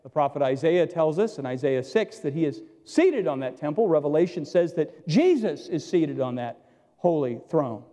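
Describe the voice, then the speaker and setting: A man preaching a sermon as pastor, emphatic, with drawn-out pauses on key words. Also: on the high side, animated, mellow, lo-fi sound. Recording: echoey hall with long reverb.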